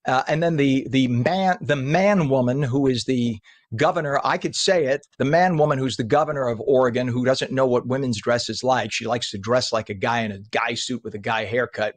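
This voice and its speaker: A male morning show host giving opinionated news commentary, ranting with indignation and jumping up in pitch when heated. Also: normal speed.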